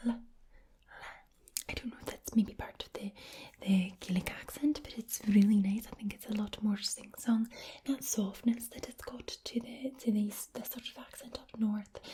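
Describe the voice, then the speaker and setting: A Scottish woman hosting an ASMR channel, talking in a soft unvoiced whisper with gentle pauses. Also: medium pitch, a little hiss or hum. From Scotland.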